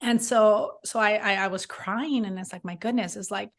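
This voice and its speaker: A woman's voice: mid-range voice, fairly even intonation, normal speed. A middle-aged woman from Southern California, an author telling her personal faith story in an interview, earnest and rambling, with many restarts. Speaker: author guest.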